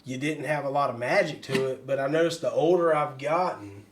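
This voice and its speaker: A man's voice: mid-range voice, brisk, a little hiss or hum. A man co-hosting a podcast, speaking reflectively in a casual chat and laughing often. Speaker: podcast co-host.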